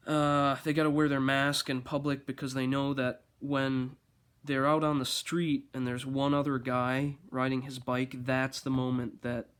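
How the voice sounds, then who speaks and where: A man telling a story in a casual rambling monologue, sarcastic and mock-grandiose, halting often to restart his sentences. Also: mid-range voice, smooth.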